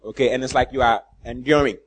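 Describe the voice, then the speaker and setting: A man's voice: mid-range voice, steady tone, fast. A man preaching a sermon, asking the congregation questions and mimicking church members for laughs. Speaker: pastor.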